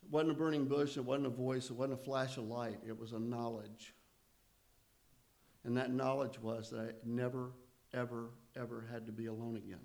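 A man of middle pitch speaks to a recovery meeting and tells his story in a loose, conversational way. He often turns to self-deprecating jokes. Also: little pitch movement, moderate pace, vocal fry, darkish tone.

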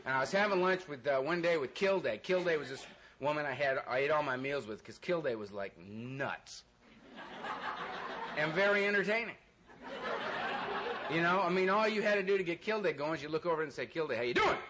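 A man's voice: fairly high pitch, expressive, brisk, long pauses, background noise. A man telling a loose, laughing, self-mocking story to an audience and acting out voices. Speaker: speaker sharing his recovery story.

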